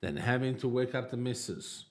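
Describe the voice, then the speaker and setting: A man hosting a livestream, telling a personal story in a casual, halting way, with lots of fillers and restarts, laughing at his own tale. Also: medium pitch, animated. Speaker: livestream host.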